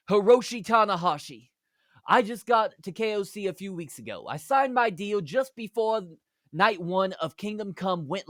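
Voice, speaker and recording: A man's voice: sits high, a bit bright, dry recording, clean studio sound, pitched above the performer's own voice. A man voicing a cocky British male wrestler, with a put-on British accent and a pompous, declaiming manner.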